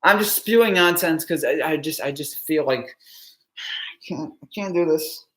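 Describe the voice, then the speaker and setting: A man's voice: a little high, a little slow, a bit bright, roomy sound. A man reacting live to a ballgame as a fan streamer, anxious and pleading, with heavy sighs.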